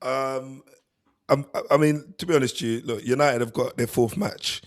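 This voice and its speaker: A man's voice: medium pitch, steady tone, normal speed. Laid-back man talking football. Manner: laid-back, chatty, uses "mate" and "bruv". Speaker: podcast co-host, football pundit. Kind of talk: casual football chat.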